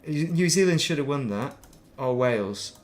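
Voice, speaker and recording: A man with a softened northern English accent talks in a loose, meandering way, drifting from thought to thought. He is a middle-aged game streamer chatting casually as he plays, with a mid-range everyday voice. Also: mid-range voice, lively intonation, unhurried. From northern England. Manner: rambling, thinks aloud, laughs at himself. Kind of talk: casual chat while playing.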